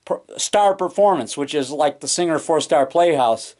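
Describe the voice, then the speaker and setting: A man rambling excitedly in a casual home vlog, full of restarts and trailing thoughts, recorded on a camcorder in his basement. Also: fairly high pitch, moderate pace. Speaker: low-budget monster moviemaker. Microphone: camcorder mic.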